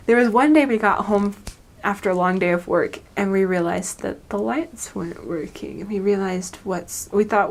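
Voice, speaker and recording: Young woman, returned missionary, animated storyteller who laughs a lot. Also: medium pitch, moderate pace. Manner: animated, laughs often, acts out quoted voices. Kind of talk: personal storytelling.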